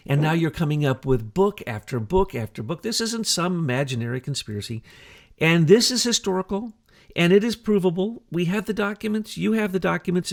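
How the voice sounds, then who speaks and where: A man co-hosting a talk show, talking in an animated, emphatic way with rhetorical questions. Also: medium pitch, gravelly. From United States. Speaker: co-host. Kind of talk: conversational talk show discussion.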